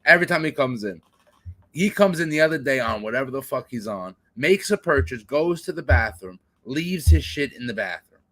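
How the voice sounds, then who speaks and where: A man's voice: mid-range voice, normal speed. A man in his twenties from Florida, telling a profane anecdote in a casual chat and acting out the people in it. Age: 20s. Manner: animated, profane, acts out voices in anecdotes. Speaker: podcast host. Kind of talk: casual storytelling.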